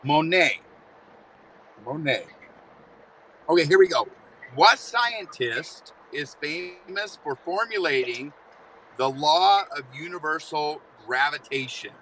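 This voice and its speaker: Lively, bright-voiced male trivia host. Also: on the high side, measured pace, slight background noise, poor audio. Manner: upbeat, playful quizmaster reading questions. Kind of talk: live-stream trivia hosting.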